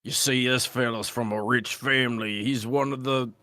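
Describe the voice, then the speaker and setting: A man's voice: medium pitch, fairly even intonation, moderate pace, pushed and bright, dry recording, lightly acted. A man voicing a pompous, bossy male orc inspector, drawling each word. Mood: officious.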